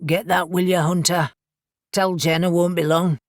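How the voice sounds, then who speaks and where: A woman reading the part of a quiet, cold male pack alpha who speaks tersely. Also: lowish voice, flat delivery, moderate pace, no room sound, studio quality, natural voice.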